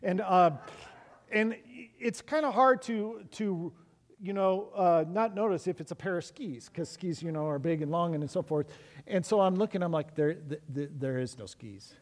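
A middle-aged man preaches as a pastor, telling stories in a relaxed, conversational way with plenty of restarts. His voice sits a bit higher than most men's. The sound carries a long echo from a large hall. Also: normal speed. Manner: conversational storytelling with many restarts. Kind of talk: sermon.

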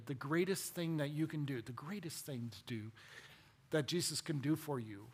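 A man preaching a sermon as a pastor, dramatic and animated, swinging between loud and hushed. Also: a little high, husky.

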